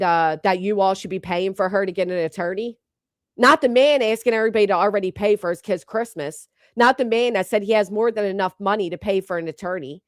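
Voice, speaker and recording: A woman's voice: on the low side, no echo. Middle-aged woman ranting on her livestream, swears a lot, dry close sound. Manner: blunt and profane, reads viewer names. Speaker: livestream host. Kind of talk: heated livestream commentary.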